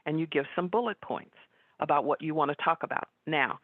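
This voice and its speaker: A woman's voice: low-pitched, fairly quick, no echo. Woman storyteller on a tinny webinar line. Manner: conversational, animated storyteller. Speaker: guest speaker. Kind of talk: webinar presentation with personal stories. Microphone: video call. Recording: tinny phone-like webinar audio.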